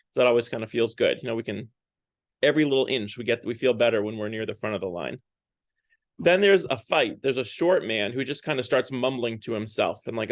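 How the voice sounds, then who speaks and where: Guy retelling a story for a parish lent talk, chatty, lots of ums and likes, mid-pitched, dry close sound. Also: brisk, dry recording. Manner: conversational, loose, with many fillers and hedging words. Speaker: parish speaker.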